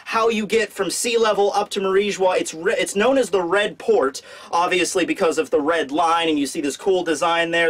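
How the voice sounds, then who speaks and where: Man, high voice, casual host, comic chapter review, animated, jokey. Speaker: manga reviewer, channel host.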